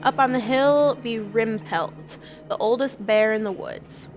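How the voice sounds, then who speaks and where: A woman's voice: fairly high pitch, a little slow, lightly acted. A woman voicing a female troll witch doctor, reading the lines aloud in her own plain voice. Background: game music.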